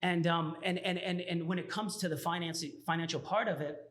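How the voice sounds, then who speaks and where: A man with a fairly high speaking voice tells his story as an interview guest. He talks in an animated, loose way, dropping "like" often and acting out what people said. It is a casual chat from someone who runs his own small shop. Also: fairly quick. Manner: animated, lots of "like" fillers and acted-out quotes.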